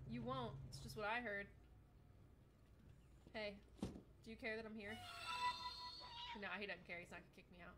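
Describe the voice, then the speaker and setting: A woman's voice: mid-range voice, normal speed, pauses often, noisy background. A young woman casually commenting on a game as she plays it, reading chat aloud and swearing often. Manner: chatty, swears a lot, reads chat aloud. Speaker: streamer. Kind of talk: live gameplay commentary.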